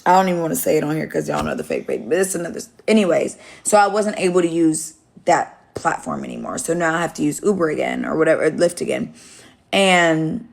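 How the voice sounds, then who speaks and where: Low, gravelly-voiced young woman chatting. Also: sing-song, fairly quick. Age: young adult. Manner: rambling, candid, swears freely, talks to viewers. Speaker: live streamer. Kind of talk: casual live-stream storytelling. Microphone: phone.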